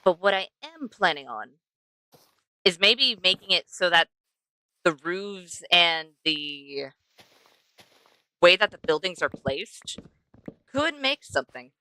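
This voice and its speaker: A woman's voice: on the low side, very animated, takes it slowly, pauses often, sharp tone, dry recording. A young woman streaming a game, chatting to herself and to the animals she passes as she plays. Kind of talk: casual gameplay commentary.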